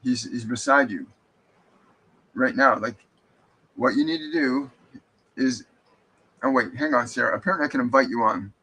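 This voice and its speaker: A man's voice: medium pitch, normal speed, long pauses, bright, forceful tone, breathy edge, poor audio. A man hosting a live stream as a spiritual medium. He reads viewer comments aloud and answers them in an earnest, reassuring way, often restarting his sentences.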